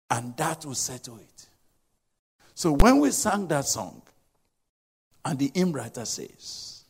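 A man's voice: a little high, sing-song, slow, pauses often, husky. A man preaching a sermon, telling scripture stories dramatically and acting out the voices in quotes.

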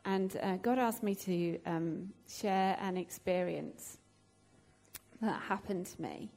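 A woman giving an emotional, halting testimony in a church group, with many pauses and fillers. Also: mid-range voice, a little mellow. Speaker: church member sharing a testimony.

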